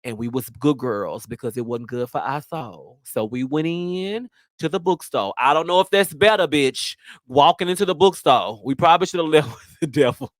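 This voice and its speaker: A man's voice: fairly high pitch, moderate pace, no echo, studio quality. A man hosting his show, telling a story in a brash, profane, sassy way. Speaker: host. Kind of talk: casual storytelling.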